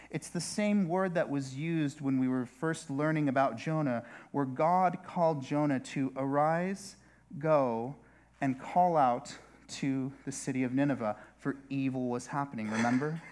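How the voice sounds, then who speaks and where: Conversational pastor with a higher voice. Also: male voice, a little slow. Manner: conversational, with restarts and asides. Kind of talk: sermon.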